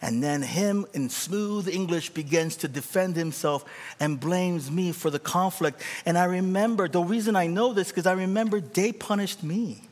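Young male pastor from Korea, animated storytelling sermon, fairly high voice, big hall reverb. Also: moderate pace. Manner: animated, calls out to the congregation.

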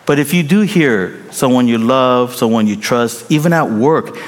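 A man preaches a sermon with animated, humorous delivery, often slipping into the voices of the people he quotes. His voice sits at a middling pitch. The sound carries a long reverb from a large church hall. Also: normal speed. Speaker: pastor.

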